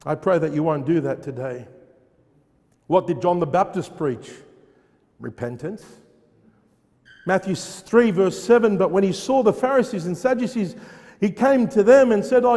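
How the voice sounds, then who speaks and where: A man's voice: high-pitched, warm tone, in a large hall. A man preaching a fervent sermon in a church, repeating phrases and firing off rhetorical questions.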